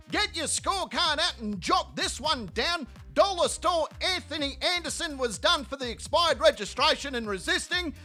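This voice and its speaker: A man's voice: very high voice, bright, forceful tone. A man hosting a comedy show, delivering a crude, profane, rambling outro monologue. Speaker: host.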